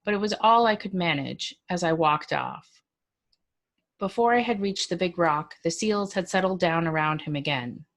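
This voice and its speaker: Librarian lady reading a story out loud, lowish voice, measured and a bit dry. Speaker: children's librarian reading aloud.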